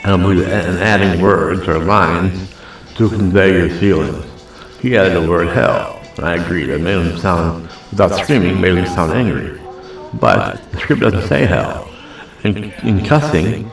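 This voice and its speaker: A man's voice: sits low, animated, a little slow, gravelly, soft background music. A man hosting a reaction video, chatting casually in a rambling, self-deprecating way that repeats itself. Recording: very echoey room, mic at a distance.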